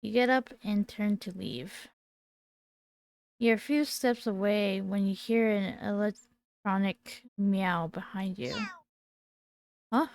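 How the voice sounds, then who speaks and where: A woman in her twenties reading a text game aloud while she plays, with small slips and quick self-corrections. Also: mid-range voice, fairly even intonation, a little mellow, no room sound. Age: 20s. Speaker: gaming video creator.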